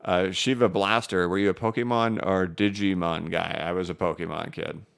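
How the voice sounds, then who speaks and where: A man's voice: deep voice, steady tone, normal speed, creaky, smooth. A male crypto livestream host chatting loosely with many fillers while reading out viewer comments.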